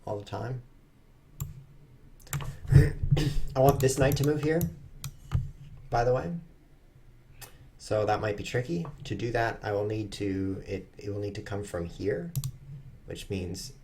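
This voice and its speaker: A man's voice: lowish voice, slow, gravelly, pauses often, mellow, slight background noise. A man giving rambling, self-mocking live commentary while he plays online chess at his computer. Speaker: chess streamer.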